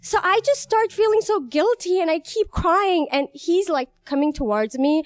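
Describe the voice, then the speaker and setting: A young woman from Iran telling a personal story, animated and vivid, laughing at herself now and then. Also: extremely high pitch, moderate pace, no room sound. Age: young adult. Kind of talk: personal story told live.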